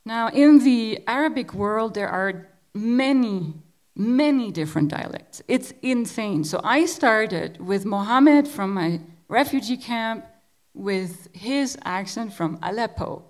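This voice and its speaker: Relaxed Belgian-born woman giving a talk. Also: on the high side, takes it slowly. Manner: relaxed, reflective, often repeats words as she searches for them. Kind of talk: conversational lecture.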